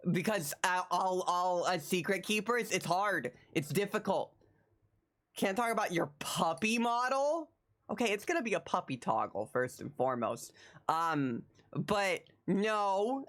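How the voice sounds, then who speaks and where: Excitable woman streamer, lively swooping voice. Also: medium pitch. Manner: excitable, rambling, repeats phrases. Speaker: livestreamer. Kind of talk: casual live-stream chat.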